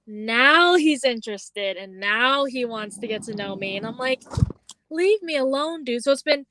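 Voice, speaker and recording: A woman's voice: fairly high pitch, lively intonation, normal speed, pushed and bright, a little hiss or hum. A young adult woman on a podcast, recounting a story casually with a lot of "like" and acted-out quotes. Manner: chatty storytelling, heavy use of "like", acts out quoted lines. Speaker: podcast co-host. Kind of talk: casual chat.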